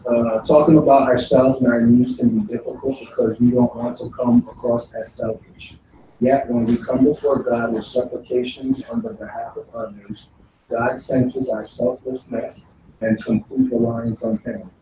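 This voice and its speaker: A man in a church class reading scripture verses and a book passage aloud in a measured way, with the occasional "uh". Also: medium pitch, mellow. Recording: echoey room picked up from a distance, faint noise.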